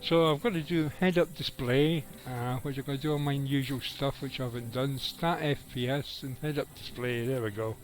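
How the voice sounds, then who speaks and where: A man's voice: mid-range voice, steady tone, moderate pace, few pauses, a little hiss or hum, low-quality recording. A middle-aged man, giving rambling, casual live commentary on his game and chatting with viewers, swearing now and then. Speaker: game streamer.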